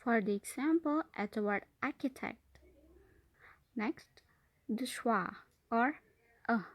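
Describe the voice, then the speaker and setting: A young woman from Indonesia, a student presenting a lesson and reading definitions aloud, carefully slowing to repeat key points. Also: a little high, dry recording. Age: young adult. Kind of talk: read-aloud explanatory lesson.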